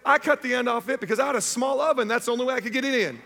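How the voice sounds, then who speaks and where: A man's voice: extremely high pitch, very fast, creaky, bright, forceful tone, a little hiss or hum, voice pushed up, full character voice. A man doing a chipper great-grandma. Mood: matter-of-fact.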